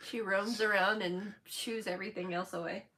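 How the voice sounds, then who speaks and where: A chatty woman co-hosting a casual home livestream. She talks in a friendly, relaxed way and laughs often. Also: medium pitch, moderate pace, poor audio. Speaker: livestream co-host. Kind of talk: casual chat. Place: porch at home.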